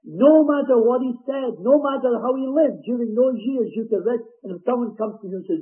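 A man's voice: very high-pitched, brisk, hardly any pauses, husky. A man preaching a sermon, teaching from the Bible in an earnest, emphatic way with plain asides to his listeners. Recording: tinny lo-fi phone-like old recording.

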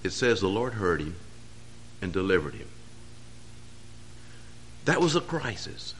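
A man preaching a sermon, pressing key phrases harder and louder as he drives each point home. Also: low voice, sing-song, a little slow, slight background noise.

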